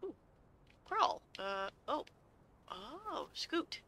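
Bright, playful woman gaming. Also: sits high, sing-song, drawn-out words, a little hiss or hum. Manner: playful, chatty, talks to herself. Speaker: gaming channel host. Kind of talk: game playthrough commentary. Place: seated at home.

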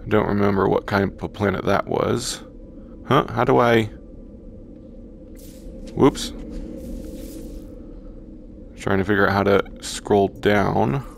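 Man, gaming commentary, slow halting delivery, gravelly voice, faint game noise behind. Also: on the low side, steady tone. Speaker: gaming YouTuber. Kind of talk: VR gameplay commentary.

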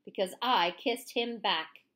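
A woman's voice: medium pitch, takes it slowly, pushed and bright. A woman reading a storybook aloud, voicing a frightened but principled young female schoolteacher who speaks urgently. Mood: defiant. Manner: urgent, pleading.

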